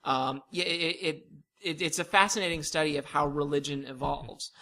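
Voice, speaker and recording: A man's voice: fairly high pitch, normal speed, bright, forceful tone. A man co-hosting a casual podcast chat, teasing and prone to stumbling restarts. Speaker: podcast co-host.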